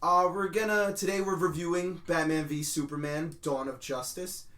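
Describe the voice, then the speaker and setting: A man's voice: fairly high pitch, moderate pace, reverberant. A man hosting a podcast, chatting casually and telling stories with frequent laughs. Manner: laughs often, animated storytelling. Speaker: podcast host. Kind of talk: casual chat.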